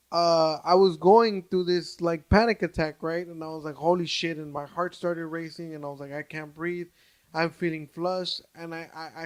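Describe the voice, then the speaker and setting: A young adult man co-hosting a podcast tells stories loosely and casually in a voice slightly high for a man. He's animated, swears freely, stalls on "uh," and keeps restarting his sentences.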